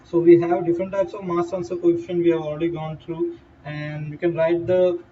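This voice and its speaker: A man with an Indian English accent giving a halting whiteboard lecture, with fillers and restarts. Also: on the high side, flat delivery. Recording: distant, dull lo-fi mic with faint noise.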